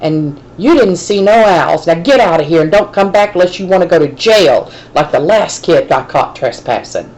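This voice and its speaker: A woman's voice: fairly low pitch, animated, normal speed, few pauses, darkish tone, rough recording. A woman voicing an angry, blustering male construction foreman who hollers threats. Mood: stony.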